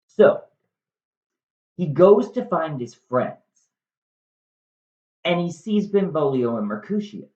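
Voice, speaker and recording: A woman's voice: sits low, big pitch swings, slow, long pauses, dark tone. A woman giving a chatty, sarcastic comic summary of a classic play, like a teacher at a whiteboard. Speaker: teacher-style storyteller. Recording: echoey room, slightly dull.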